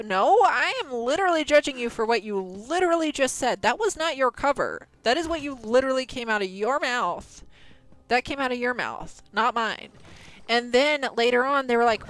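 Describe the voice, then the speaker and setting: A woman's voice: fairly high pitch, animated, normal speed, a bit bright, poor audio. A woman streaming a game live, chatting casually and venting about scammers between laughs. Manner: chatty, exasperated ranting with frequent laughs.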